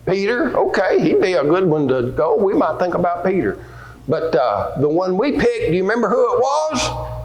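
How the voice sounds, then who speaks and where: A man's voice: high-pitched, very animated, moderate pace, a little hiss or hum. A man teaching a Bible lesson to children, asking them questions and acting out scripture scenes. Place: church hall. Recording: echoey room with faint ambience.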